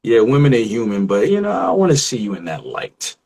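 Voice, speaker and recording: A man on a casual discussion show who talks in a reflective, measured way and searches for his words. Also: medium pitch, very animated, creaky, a little mellow, poor audio.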